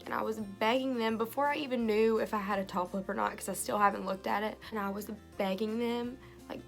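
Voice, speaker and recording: A woman's voice: medium pitch, fairly even intonation, brisk, vocal fry, soft background music. A young woman telling a personal story in a casual vlog, with many fillers and quoted voices, filmed on a phone. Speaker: vlogger.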